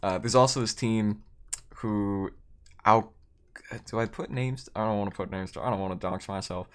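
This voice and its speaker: A man's voice: on the low side, fairly even intonation, normal speed, a bit bright, clear, resonant tone. Rambling, chuckling male streamer. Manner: rambling, self-correcting, laughs between lines. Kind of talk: casual storytelling while gaming.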